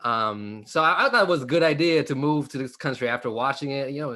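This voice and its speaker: A man's voice: mid-range voice, lively intonation, fast talker, sharp tone. A young man from Vietnam, a comedian in a casual interview over a video call, joking and laughing with many fillers and restarts. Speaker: stand-up comedian guest.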